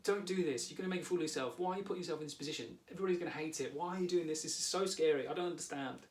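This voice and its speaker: A fretful teenage boy, sixteen and frightened, pleading in a hurried, worried rush, as a man puts him on. The voice sits noticeably higher than a grown man's and pushes a little louder. It comes across as a nervous kid begging to be kept safe. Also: roomy sound, recorded from a distance, close to an everyday voice.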